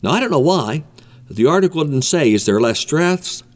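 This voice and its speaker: A man's voice: on the high side, lively intonation, normal speed. A man preaching a sermon in an emphatic way, repeating his key points.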